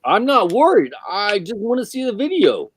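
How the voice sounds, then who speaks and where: A man's voice: high-pitched, very animated, moderate pace, slight background noise. A man co-hosting a casual livestream, blunt and teasing, swearing often. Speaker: livestream co-host.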